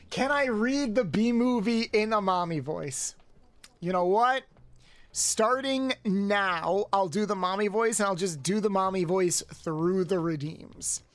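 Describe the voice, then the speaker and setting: A woman's voice: mid-range voice, slow pace. A woman streamer chatting casually with her viewers, counting exercise reps aloud and grumbling and joking between sets. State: doing exercises between lines. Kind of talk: casual live-stream chat.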